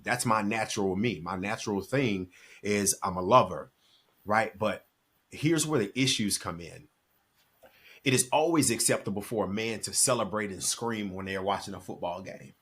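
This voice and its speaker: Husky-voiced man, earnest storyteller. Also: on the low side, a bit bright. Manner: earnest, emphatic, acts out quoted dialogue. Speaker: podcast guest, speaker and author. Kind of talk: reflective storytelling in conversation.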